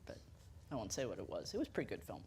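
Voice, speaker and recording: A woman's voice: rumbling low, very animated, racing, darkish tone, husky. A woman who manages a camera rental house tells stories on a panel, acting out the quoted lines and laughing often. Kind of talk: panel discussion storytelling.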